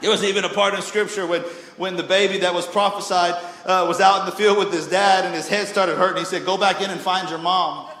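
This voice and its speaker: Male pastor, young adult, sermon, animated storytelling, fairly high voice, roomy hall with long reverb. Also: a little fast, hardly any pauses. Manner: animated, jokey storytelling with acted-out voices, rising to near shouts.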